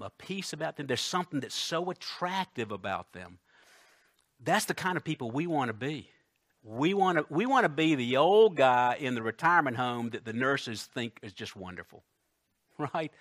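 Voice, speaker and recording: A man preaching a sermon, emphatic, swinging between loud declarations and hushed asides, reading scripture slowly. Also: medium pitch. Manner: reads scripture aloud slowly and deliberately.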